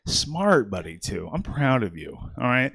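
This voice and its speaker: A man's voice: mid-range voice, big pitch swings, measured pace, gravelly, fairly bright tone. A young man doing a rambling stand-up comedy set with crowd work in a small comedy theater.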